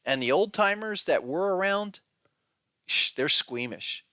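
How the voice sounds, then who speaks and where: Bright-voiced man riffing on markets. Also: high-pitched, animated, a little slow, clean tone, no room sound, studio quality. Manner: emphatic, restless, frequent restarts and asides. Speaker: podcast host, trading educator. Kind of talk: casual podcast commentary.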